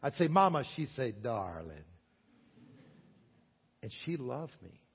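A man in his sixties from the American South with a Southern accent, preaching a sermon earnestly, with loud stresses and quiet asides. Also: mid-range voice, a little fast, creaky, breathy edge. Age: 60s. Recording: long hall echo, dull lo-fi sound.

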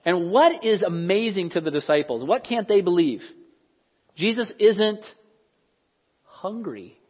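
Animated preacher in an echoing hall. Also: male voice, high-pitched, measured pace. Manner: conversational, animated, asks the audience questions. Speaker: pastor. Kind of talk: sermon. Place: church hall. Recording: dull, lo-fi recording in a reverberant hall.

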